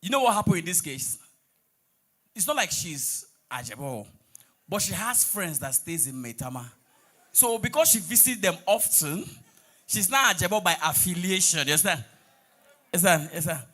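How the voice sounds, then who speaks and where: A man's voice: high-pitched, expressive, normal speed, sharp tone. A man with a Nigerian accent doing stand-up crowd work on stage, teasing the audience, mixing in pidgin and breaking into bits of song. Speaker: comedian on stage.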